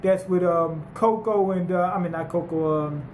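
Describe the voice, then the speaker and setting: A man giving a casual, profane manga chapter review, rambling and excitable with lots of fillers. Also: high voice, moderate pace, roomy sound, a little hiss or hum, low-quality recording.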